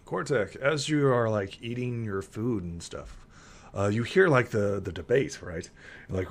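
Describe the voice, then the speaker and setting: A man's voice: on the low side, lively intonation, a little slow, a little hiss or hum. A man narrating as game master in a tabletop game, rambling with many fillers.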